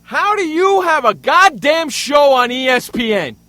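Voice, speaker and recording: A man hosting a sports radio show, ranting angrily and loudly with plenty of profanity. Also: very high voice, big pitch swings, a little slow, no echo. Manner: loud, angry, profane ranting. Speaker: radio host. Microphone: studio microphone.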